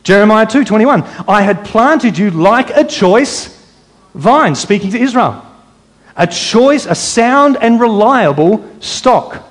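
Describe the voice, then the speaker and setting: A man's voice: high-pitched, lively intonation, slow pace. A man preaching a sermon, teaching from scripture and quoting verses while asking the congregation questions.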